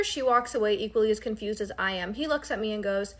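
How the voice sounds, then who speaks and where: A woman's voice: medium pitch, animated, quick pace, few pauses, a bit bright. A woman telling the story of a bad first date, acting out the lines of the people in it. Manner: acts out quoted dialogue while telling a story.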